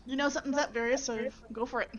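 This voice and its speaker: A woman narrates a tabletop game as its game master, painting each scene for her players. Her voice sits a little high, and she breaks into laughter often. A faint hiss runs under the recording. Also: steady tone, rapid-fire, muffled recording.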